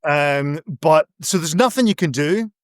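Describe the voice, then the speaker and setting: Guy telling stories on a podcast, kinda high voice, smooth and clear, does silly voices. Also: expressive, measured pace, dry recording, studio quality. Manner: rambling, playful, acts out little scenes in silly voices. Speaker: author guest. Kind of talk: casual interview chat.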